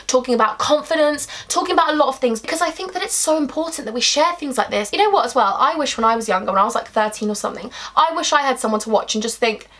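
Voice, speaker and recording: A woman's voice: high voice, a bit bright. A young woman, giving earnest, emotional advice straight to her viewers in a heartfelt vlog. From England. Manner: earnest, emotional and affectionate, addressing viewers directly. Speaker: YouTuber.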